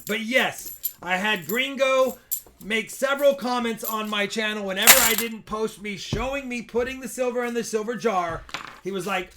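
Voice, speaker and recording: A man with a high, bright voice chats casually through his livestream, upbeat and friendly. He talks easily to his viewers and calls them brother. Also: normal speed, slight background noise. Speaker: livestream host. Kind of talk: casual livestream chat while coin roll hunting.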